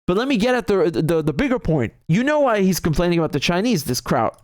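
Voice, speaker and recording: A man's voice: high-pitched, big pitch swings, fast, no room sound, clean studio sound. A man giving heated, emphatic political commentary on a video clip, laughing often. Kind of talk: reaction commentary.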